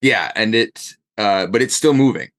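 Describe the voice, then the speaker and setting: A man's voice: on the low side, moderate pace, a bit bright. A man running a tabletop game as game master, narrating in a rambling way with many fillers.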